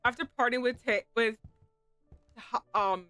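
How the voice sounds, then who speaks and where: A woman streaming a visual novel, gushing excitably over the characters and laughing often. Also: on the high side, measured pace, clear, resonant tone, no echo, soft background music. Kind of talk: live let's play commentary.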